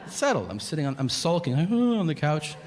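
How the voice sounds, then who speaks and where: Animated male stand-up comic on stage. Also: fairly high pitch, fast talker. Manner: animated storytelling, acting out the other people in his stories. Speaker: stand-up comedian. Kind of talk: stand-up comedy routine. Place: comedy club stage. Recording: echoey venue with loud room noise.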